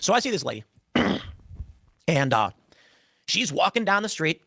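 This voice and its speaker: A young adult man telling an animated story, acting out the dialogue with shifting voices. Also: a little high, unhurried, creaky, dry recording, clean studio sound. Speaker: podcast host telling a story.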